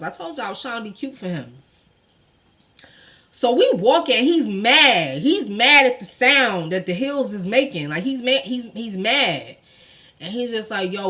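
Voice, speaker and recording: A woman's voice: mid-range voice, a bit bright. A woman from New York with a New York accent, telling a storytime tale in a blunt, profane way, talking straight to the viewers. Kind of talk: casual storytime vlog.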